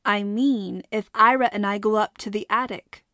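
A woman voices a curious, rule-minded schoolgirl who asks earnest questions. Her voice is mid-range, steady, fairly bright and close to an everyday voice, at normal speed in a dry, clean studio recording.

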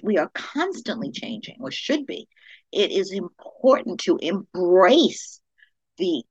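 A woman's voice: mid-range voice, husky, no echo, muffled recording. A middle-aged woman hosting a devotional podcast, telling a personal story and offering faith encouragement. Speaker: podcast host. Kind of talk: devotional monologue.

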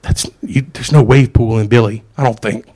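A man's voice: mid-range voice, moderate pace, dark tone. A middle-aged man preaching a sermon in a casual, conversational way, with asides and jokes.

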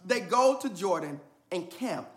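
A man preaching a sermon as pastor, energetic and playful, mixing casual slang into his delivery. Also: high voice, measured pace.

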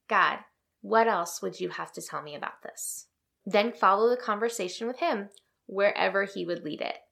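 A woman hosting a devotional podcast, teaching in a reflective, conversational way that sometimes drops to a hush. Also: mid-range voice, creaky. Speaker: podcast host.

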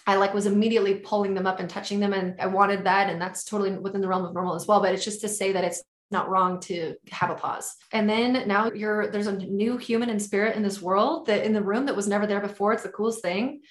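A woman's voice: mid-range voice, steady tone, fast, hardly any pauses. A woman talking in a casual podcast conversation as a birth educator, enthusiastic and effusive. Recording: echoey room.

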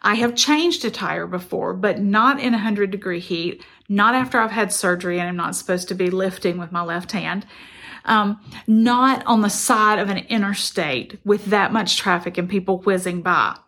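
A woman's voice: mid-range voice, normal speed, a bit bright. A middle-aged woman, earnestly telling a personal story in a reflective, conversational way. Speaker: motivational speaker.

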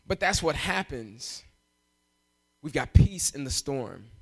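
A man preaching a sermon, emphatic and animated, often jumping up in pitch for emphasis. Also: slow pace, creaky, slightly rough. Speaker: pastor.

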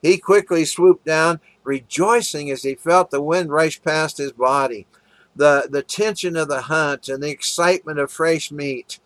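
A man tells a parable from the pulpit in an earnest storytelling way. His voice sits a little high for a man and it is recorded dry and close, with no room sound. He slips into small acted quotes as he goes. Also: unhurried, no room sound. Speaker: preacher. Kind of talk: sermon storytelling.

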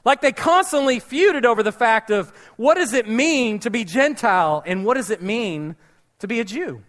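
A man's voice: very high voice, lively intonation, normal speed, a bit bright. A man preaching a sermon, telling a Bible story and acting out its characters' voices. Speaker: pastor.

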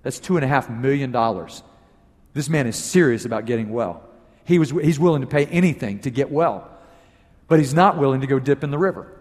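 A man preaching a sermon as pastor, telling a story with animated emphasis, his voice swinging from loud peaks to low asides. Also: a little fast. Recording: long reverb of a large hall.

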